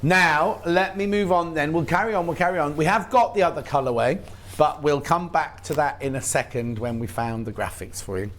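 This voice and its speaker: Chatty british guy selling sewing kits live on tv, slightly high voice. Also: a bit bright. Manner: chatty, quick asides, lists products eagerly. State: has hiccups. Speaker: shopping channel presenter. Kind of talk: live TV sales chat.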